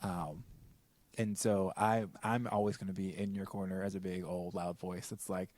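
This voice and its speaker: A man's voice: sits low, flat delivery, normal speed, a little mellow, no echo. A man co-hosting a podcast, chatting casually in an effusive, playfully profane way. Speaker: podcast co-host. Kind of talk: casual chat.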